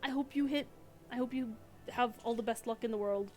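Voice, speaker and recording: A woman's voice: on the high side, fairly quick, darkish tone, soft background music. Chatty woman streamer rambling over a game. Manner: chatty, rambling, self-deprecating. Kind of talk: casual gameplay chat.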